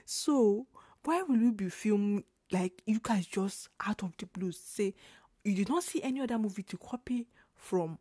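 A young woman from Nigeria with a Nigerian accent, hosting a casual solo podcast in an animated way, full of laughter, restarts and Pidgin asides. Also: mid-range voice, moderate pace, slightly rough, dry recording, clean studio sound. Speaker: podcast host.

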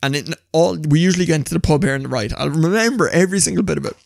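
A man's voice: a little high, expressive, very fast, vocal fry, no room sound, studio quality. A young Irish man, co-host of a podcast, telling a story in casual chat with lots of laughing and acted-out voices. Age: young adult.

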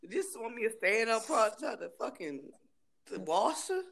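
A man chatting casually as a podcast co-host, animated and profane, with dramatic exclamations. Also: high voice, normal speed, creaky, crowd noise. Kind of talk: casual chat.

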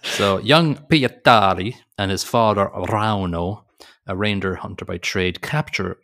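A man's voice: fairly low pitch, unhurried, a bit bright. A man co-hosting a movie podcast, chatting in a rambling, jokey way that keeps correcting itself. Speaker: podcast co-host. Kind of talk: casual movie podcast chat.

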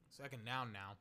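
A young man giving casual live football commentary, swinging from muttered play-by-play to loud, exasperated rants. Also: mid-range voice, slight background noise. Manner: excitable, ranting, swings between muttered play-by-play and loud outbursts. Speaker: sports commentator.

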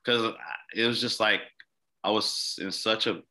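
A young man from Mississippi, a podcast guest telling a personal story in a halting way, often repeating words and restarting. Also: on the low side, pushed and bright.

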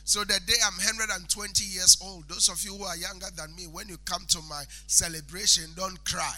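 High, bright-voiced man preaching in sing-song. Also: steady tone, moderate pace. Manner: sing-song preaching with shouted peaks, acts out quotes. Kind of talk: sermon. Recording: faint music behind the voice.

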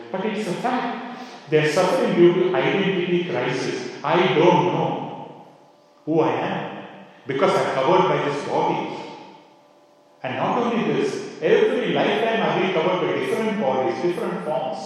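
A man's voice: on the high side, animated, moderate pace. A man teaching a scripture class in a conversational way, with many "you know" asides. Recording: echoey hall, speaker far from mic.

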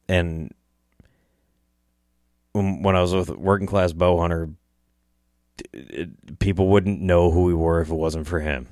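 A man's voice: deep voice, a little mellow, dry recording, studio quality. A man hosting a podcast, telling a story casually in a rambling, chuckling way, with restarts and swearing. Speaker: podcast host.

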